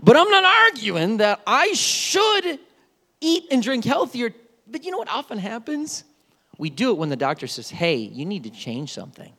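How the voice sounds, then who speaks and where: A man preaching a sermon as pastor, animated and playful, with storytelling asides. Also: extremely high pitch, moderate pace. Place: church sanctuary.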